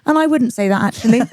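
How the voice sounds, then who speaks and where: A young adult woman, a guest comedian in casual podcast chat, telling a lively story and acting out the dialogue. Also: fairly high pitch, no room sound, studio quality.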